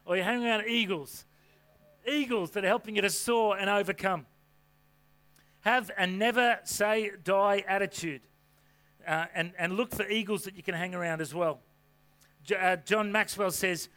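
A man preaching a sermon to a congregation from a church stage, with an energetic, folksy delivery full of rhetorical questions. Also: high-pitched, moderate pace. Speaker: pastor.

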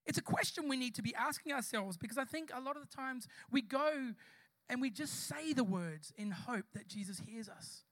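A man delivers an impassioned sermon, calling out to the congregation as he preaches. His voice sits high and bright. The sound is dry and close, with little room echo. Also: expressive, normal speed. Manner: impassioned, addresses the congregation directly. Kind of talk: live church sermon with storytelling. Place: church service before a congregation.

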